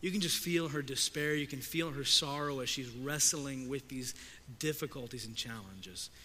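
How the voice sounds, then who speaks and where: A man preaching a sermon, expressive and emphatic, voicing the characters he quotes. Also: mid-range voice, normal speed. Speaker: pastor. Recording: long hall reverb.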